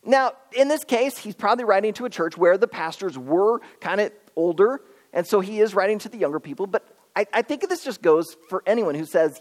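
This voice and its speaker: Man, pastor preaching, earnest pleading tone, very lively delivery, echoing church hall. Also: high voice, fairly quick. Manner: animated, earnest, pleading preaching with swings between loud and hushed. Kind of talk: sermon. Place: church auditorium. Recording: long reverb of a hall.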